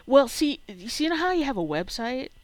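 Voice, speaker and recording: A woman's voice: high voice, sing-song, fairly quick, no echo. Playful, giggly woman podcast co-host. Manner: playful, laughs often between words. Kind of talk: casual tech chat.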